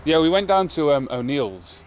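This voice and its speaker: A man's voice: on the high side, very animated, normal speed. A young man from England with an English accent, chatting in a casual, upbeat way as a travel vlogger. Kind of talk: casual chat. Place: outdoors and in a car. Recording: outdoor noise and traffic.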